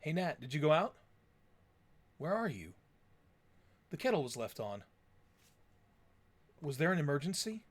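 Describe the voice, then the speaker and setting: A man's voice: on the high side, sing-song, unhurried, long pauses. A man playing a polite, earnest husband. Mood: anxious. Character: polite anxious middle-aged husband, earnest.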